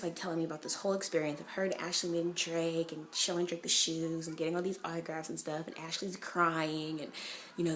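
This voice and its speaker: Chatty young woman telling a story. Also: fairly low pitch. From California. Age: young adult. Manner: excited, chatty, swears freely, lots of "like". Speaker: vlogger. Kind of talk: casual storytime vlog.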